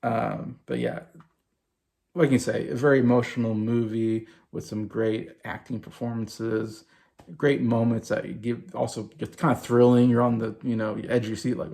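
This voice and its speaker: A man's voice: medium pitch, flat delivery, normal speed, vocal fry, warm tone. A man in his forties gushing enthusiastically in a casual movie review vlog.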